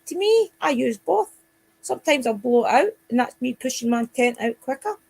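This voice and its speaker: A Scottish woman chatting casually as co-host of a talk show. Her voice is husky with a gravelly fry underneath. Her pitch rises and falls in a lively way as she talks directly to her audience. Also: a little fast. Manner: chatty, addresses listeners directly. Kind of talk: casual chat.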